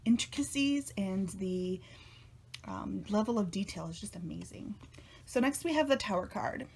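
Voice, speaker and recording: A woman's voice: mid-range voice, darkish tone. A young woman chatting casually to camera for her video channel, gushing and emotional, often trailing off with fillers. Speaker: tarot vlogger.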